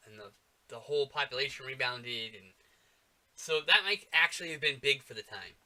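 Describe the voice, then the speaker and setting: A man co-hosting a casual movie-review podcast, animated and swearing often, with lots of fillers. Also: on the high side. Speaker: podcast co-host.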